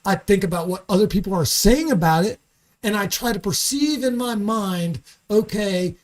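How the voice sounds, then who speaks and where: A man's voice: high-pitched, moderate pace. A man talking as a comedian guest in a podcast studio, heated and emphatic, swearing freely. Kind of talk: podcast conversation.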